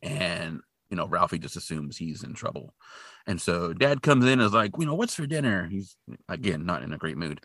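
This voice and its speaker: A man co-hosting a podcast, casually retelling a film's plot and acting out characters in high put-on voices. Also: animated, moderate pace, a bit bright, no room sound, studio quality. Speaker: podcast co-host. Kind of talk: casual chat retelling a film.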